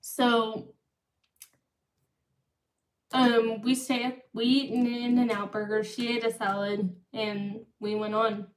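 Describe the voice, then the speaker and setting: Slow-talking woman in an echoey room. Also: a little high, flat delivery. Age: 30s. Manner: rambling, self-interrupting. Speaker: live streamer. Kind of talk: casual live-stream storytelling. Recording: echoey room, far from mic.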